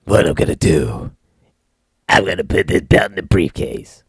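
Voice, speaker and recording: A man putting on a scheming wrestler, very deep and gravelly, raspy and rough. The voice is mocking and sly. The sound is dry and close. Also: animated, moderate pace, no room sound, heavily acted.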